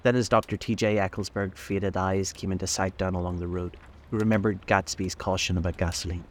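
A man narrating a classic novel aloud in a steady, measured way. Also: low voice, a little hiss or hum. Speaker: audiobook narrator.

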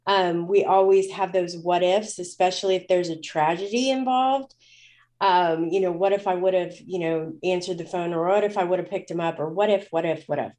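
A woman's voice: lowish voice, normal speed, a little mellow. A woman speaking as a guest in an interview, telling a personal story in a candid, emotional way with many fillers.

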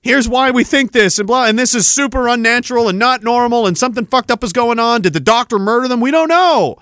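A man's voice: extremely high pitch, quick pace, fairly bright tone, smooth, dry recording, clean studio sound. A man hosting a podcast, delivering a heated, profane rant full of emphatic repetition. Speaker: podcast host. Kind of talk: angry political rant.

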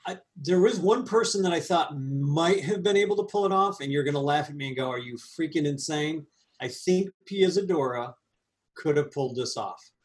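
A man co-hosting a casual movie review chat, animated and laughing, with quick asides. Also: on the high side. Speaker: podcast co-host.

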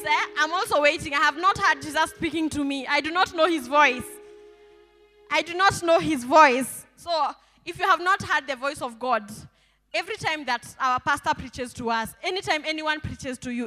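A woman pastor preaches with high, bright energy, prompting the congregation to answer her. Her voice rings through a reverberant church hall with faint music underneath. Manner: animated, call-and-response with the congregation. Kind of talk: sermon.

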